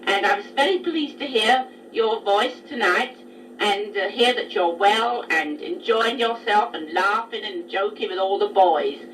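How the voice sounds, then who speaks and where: An aunt speaking a fond, gently teasing taped message to her niece. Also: mid-range voice, measured pace. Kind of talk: spoken letter on tape. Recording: distant home tape recording with hiss.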